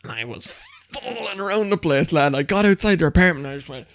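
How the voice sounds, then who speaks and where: Gravelly, lively young man. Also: high-pitched, fast talker, no echo, studio quality. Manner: animated storytelling, laughs often, swears. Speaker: podcast co-host. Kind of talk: casual chat.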